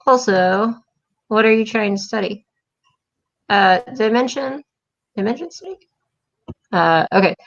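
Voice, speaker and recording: A woman's voice: mid-range voice, animated, measured pace, long pauses, highs cut off, a little hiss or hum. A woman hosting a casual livestream chat, blunt and swearing, laughing often. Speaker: livestream host.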